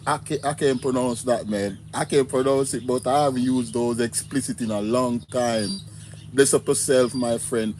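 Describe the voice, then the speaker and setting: A man's voice: mid-range voice, fairly even intonation, normal speed, a little mellow, a little hiss or hum. A man with a Jamaican accent hosting a casual livestream, greeting viewers by name and laughing easily. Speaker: livestream host. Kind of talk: casual live chat reading viewer comments.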